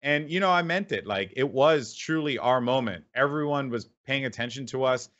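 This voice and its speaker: A man talking fast and loose as an interview guest, restarting sentences and piling on "like" as he tells a story. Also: medium pitch, highs cut off. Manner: animated, many restarts and "like". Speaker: esports caster guest. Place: home room with a clanking heater.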